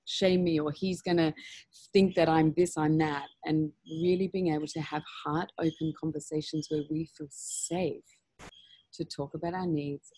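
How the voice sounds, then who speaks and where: A woman talking frankly and openly in an interview, animated and laughing often. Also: low voice, normal speed, husky, no room sound. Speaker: interview guest. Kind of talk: candid conversational interview.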